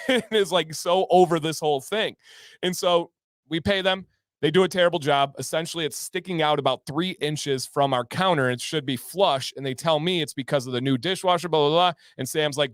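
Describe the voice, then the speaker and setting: Animated man telling a story, crisp voice. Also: a little high, normal speed, no room sound. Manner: animated, exasperated, jokey asides to chat. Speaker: livestream host. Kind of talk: casual storytelling to a live chat.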